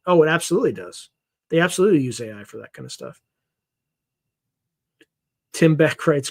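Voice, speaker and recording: A man hosting a livestream and reading out viewer comments, talking fast and animated on extra caffeine. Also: on the high side, gravelly. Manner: wired on caffeine, rapid and animated. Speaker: livestream host.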